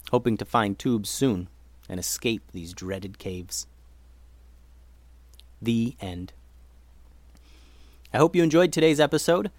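A man narrating a children's story as host, expressive and shifting his pace. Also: lowish voice, no room sound.

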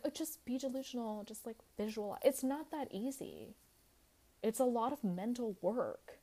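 A woman's voice: on the high side, mellow. A woman hosting a podcast, talking in a casual, candid monologue, full of "like" fillers, swearing freely and laughing easily. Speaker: podcast host.

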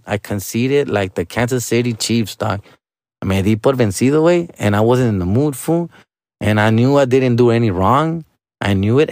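A man's voice: fairly low pitch, no echo, studio quality. A man telling a story in a casual, profane, laid-back monologue, slipping in Spanish slang. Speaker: vlog host.

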